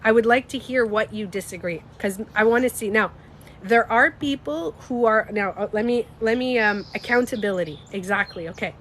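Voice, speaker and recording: A young woman with a slightly high voice talks straight to her livestream viewers, emphatic and reacting to their comments. A faint noise sits under her voice. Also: moderate pace, fairly bright tone. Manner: emphatic, reads and answers chat comments. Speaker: livestream host.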